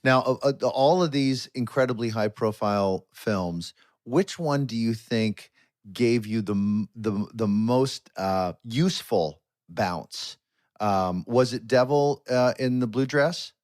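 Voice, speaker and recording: A man co-hosting a podcast, asking halting questions full of fillers. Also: medium pitch, darkish tone, no room sound, clean studio sound. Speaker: podcast co-host. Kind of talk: casual chat, interviewing.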